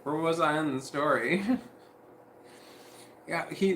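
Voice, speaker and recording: A man's voice: fairly high pitch, moderate pace, slight background noise. Rambling, profane man in an echoey room. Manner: rambling, profane, restarts often, quotes others in animated voices. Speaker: vlogger telling a story. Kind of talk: casual storytelling livestream.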